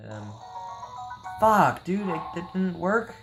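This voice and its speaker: A man's voice: sits high, sing-song, very slow, pauses often, fairly bright tone, soft background music. A young man giving casual, rambling and profane gameplay commentary, sleepy and joking as he plays. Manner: tired, rambling, jokey and profane. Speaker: gameplay streamer.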